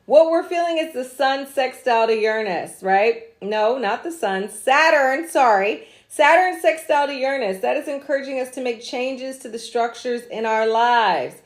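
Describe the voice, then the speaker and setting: A woman's voice: high voice, normal speed, few pauses. Chatty, slangy woman astrology host. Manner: chatty, laughs and drifts off track, slangy asides. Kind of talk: casual astrology livestream talk.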